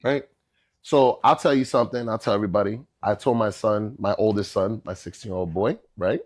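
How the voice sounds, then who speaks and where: A middle-aged man, a chef and podcast guest, telling stories in a casual, animated way and often checking in with "bro" and "right?". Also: on the low side, brisk. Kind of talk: casual storytelling chat.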